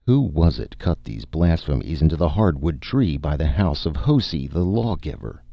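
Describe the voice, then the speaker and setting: Brief: a man reading a cold solemn judge, very deep gravelly voice, dull dry audiobook sound. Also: sing-song, normal speed, no echo, exaggerated voice. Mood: stern. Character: cold stern male tribal judge. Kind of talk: audiobook character voice.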